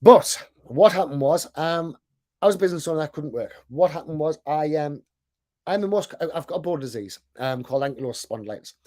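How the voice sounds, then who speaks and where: A man's voice: fairly high pitch, lively intonation, fairly quick, a little mellow. A man with a thick accent gives a casual sales presentation, chatty and self-deprecating, often checking in with "right?". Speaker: online sales coach and business owner.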